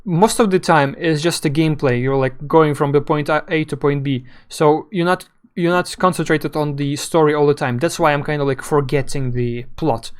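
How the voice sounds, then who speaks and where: Brief: young male streamer, fairly high and smooth voice, rambling and halting. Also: fairly even intonation. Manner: rambling, halting, searching for words. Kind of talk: casual live game commentary.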